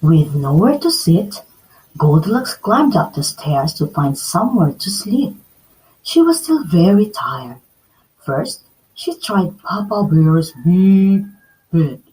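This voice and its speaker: A woman reads a children's story aloud at an unhurried pace. Her voice moves through a wide, lively pitch range as she tells it. The delivery is expressive and deliberate. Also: poor audio. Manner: slow, expressive read-aloud.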